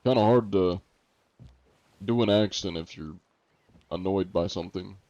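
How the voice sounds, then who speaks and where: A man's voice: low voice, unhurried, a little mellow, no echo, muffled recording. A man streaming a game and chatting casually with viewers, laid-back and sarcastic. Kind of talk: casual gameplay chat with viewers.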